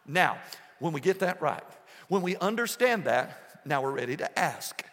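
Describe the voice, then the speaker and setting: Passionate preacher with a high, bright voice. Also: male voice, sing-song, normal speed. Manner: passionate, swings between soft and loud. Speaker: pastor. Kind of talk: sermon. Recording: long hall reverb.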